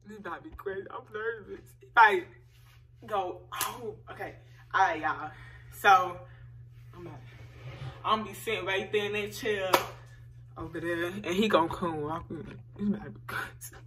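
Young woman vlog host; animated, slangy, teasing delivery straight to camera. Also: medium pitch, normal speed, long pauses, a little hiss or hum. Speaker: vlogger host. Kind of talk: casual chat to camera.

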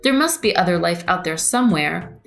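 A woman's voice: fairly low pitch, lively intonation, a little fast, gravelly, faint music behind. A woman reading a dreamy young girl. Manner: soft and dreamy.

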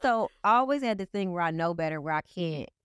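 Animated young woman telling a wild story. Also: fast talker, smooth, dry recording, studio quality. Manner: animated, profane, swings into high excited outbursts. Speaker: guest artist. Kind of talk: casual storytelling in an interview.

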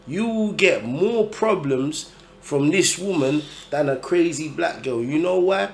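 A man's voice: sits high, gravelly. A man giving blunt, profane, exasperated reaction commentary on a video.

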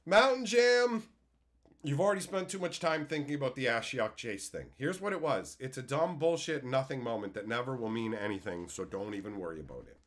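Animated, profane man chatting to his stream. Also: mid-range voice, a little fast, hardly any pauses. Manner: animated and profane, bursts into loud exclaiming. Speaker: streamer answering chat. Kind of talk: casual live-stream chat.

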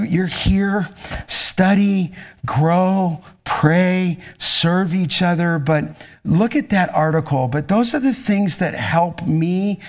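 A middle-aged man preaching to students and taking their questions, in an intense, emphatic way. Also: high voice. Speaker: pastor.

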